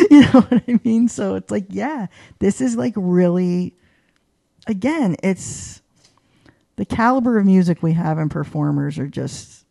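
A woman guest in a casual interview, talking in a chatty, animated way with many fillers. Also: moderate pace, creaky, dry recording, clean studio sound. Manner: voices quoted people with big pitch jumps. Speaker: guest, arts journalist.

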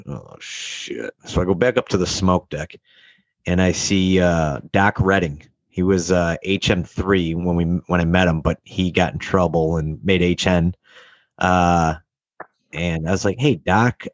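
A man's voice: low voice, no room sound, highs cut off. A young man telling a rambling, profane story in casual chat, acting out the people he quotes.

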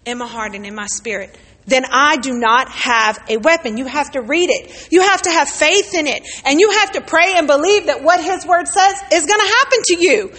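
Preaching to a congregation in a church sanctuary, a woman pastor tells a personal story and leads the crowd in call-and-response. She speaks at normal speed in a high-pitched, expressive, bright voice with a forceful tone, and the room gives a long reverb tail.

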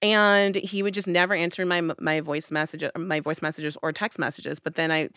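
A woman telling a personal story in casual conversation, acting out her own past lines with lively emphasis. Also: deep voice, normal speed, clean tone, no echo, clean studio sound.

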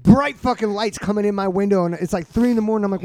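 A man's voice: high-pitched, fast talker, a little mellow, no echo. A man joking and teasing in profane casual chat. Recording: crowd noise behind.

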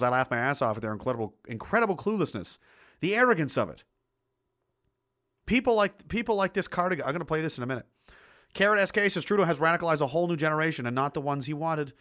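Blunt, profane man with a bright voice. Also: fairly high pitch. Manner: blunt and profane, heated outbursts; rambling with frequent restarts. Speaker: livestream host reading viewer chat. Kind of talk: casual ranting commentary.

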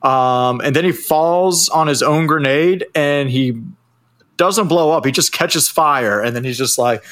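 A man's voice: fairly high pitch, measured pace, a bit bright. A man in casual chat, recapping a movie in a rambling, profane way and laughing often. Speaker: podcast co-host.

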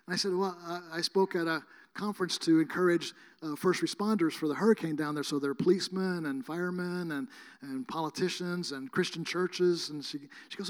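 A middle-aged male preacher with a high voice tells a story from the pulpit. He acts out both sides of a conversation with animated energy. His voice rings out with the long reverb of a large hall. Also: fairly quick. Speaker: pastor. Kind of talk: sermon storytelling.

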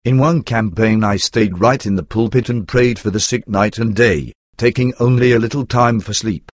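A man reading a religious testimony aloud in a steady, earnest way. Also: fairly low pitch, moderate pace, dry recording, studio quality. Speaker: reader. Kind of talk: scripted narration of a religious testimony.

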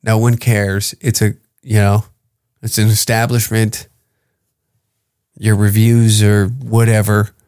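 A man's voice: on the low side, level tone, slow, pauses often, darkish tone, smooth. A man hosting a comedy podcast, ranting in a profane, rambling way and acting out quoted exchanges. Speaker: podcast host and stand-up comedian. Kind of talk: casual podcast rant.

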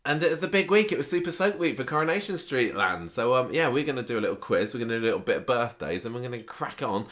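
A man's voice: mid-range voice, animated, fast talker, hardly any pauses, fairly bright tone. A man hosting a podcast, chatting cheerfully while he has a cold. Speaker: podcast host. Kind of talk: casual chat.

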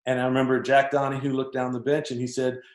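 A Canadian man who used to play basketball tells stories as a guest, acting out what his coaches said. His mid-range voice is flat and fast, with slight background noise and a roomy echo in the casual storytelling.

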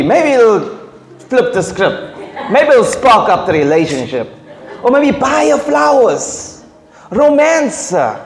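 Male preacher, emphatic sermon delivery, high voice with gravel, faint music behind. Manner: emphatic, repetitive, joking asides.

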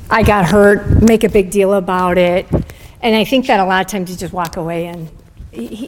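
A woman on a panel giving a hesitant, soft-spoken answer. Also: mid-range voice. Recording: reverberant hall, faint noise.

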